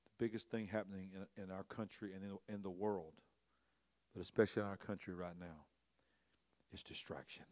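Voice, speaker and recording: A man preaching a sermon as a bishop. His delivery swings from hushed to loud, and he repeats phrases for emphasis. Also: deep voice, flat delivery, a little fast.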